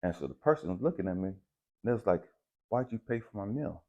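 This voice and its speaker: Relaxed male host with a deep, mellow voice, telling a spiritual story like chatting with a friend. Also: fast, highs cut off. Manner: relaxed, conversational, uses slang like bet and dap. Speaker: channel host.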